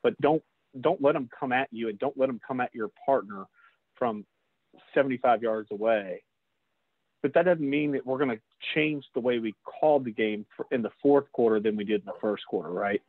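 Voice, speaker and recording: Over a dry, tinny, phone-like line with no echo, a man speaks at medium pitch and normal speed. He's a lacrosse official giving casual instruction at a training session, talking straight to the group and calling them guys.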